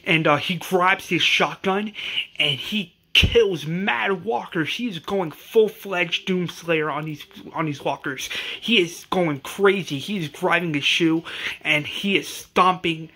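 A man casually recapping an episode as channel host, excitable and rambling, with many restarts and slang. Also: high voice, slow pace, husky.

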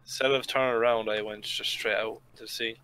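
A young man chats casually with a friend while they play a game together. He is easygoing and teasing, and his voice has a bright, crisp edge. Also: on the low side, flat delivery, fairly quick, dry recording, low-quality recording. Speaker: friend playing along. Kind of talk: casual gaming chat.

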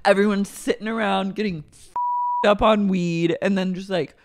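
A podcast co-host in casual, jokey chat, reacting quickly and riffing on the story. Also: mid-range voice, steady tone, creaky, very noisy.

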